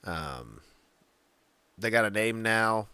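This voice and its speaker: A man with a fairly low voice chats casually on a podcast, rambling through jokey stories. The sound is dry and close, with no room around it. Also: big pitch swings, slow, pushed and bright, clean tone, dry recording. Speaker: podcast co-host. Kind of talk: casual chat.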